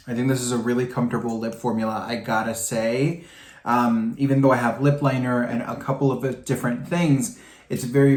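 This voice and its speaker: A man vlogging while doing his makeup, chatting in a campy, animated way with big swoops in pitch and frequent "girl" and "honey.". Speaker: makeup vlogger demonstrating products. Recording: echoey room.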